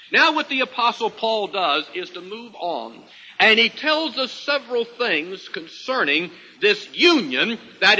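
A man's voice: sits high, pushed and bright, slight background noise. A man preaching a sermon to a congregation, with emphatic rising and falling delivery. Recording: lo-fi recording with long hall reverb.

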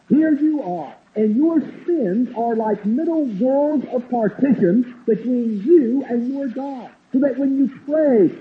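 A man preaching a sermon, slowing to stress key phrases and dropping low and quiet when he tells a story. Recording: tinny lo-fi line with faint hiss.

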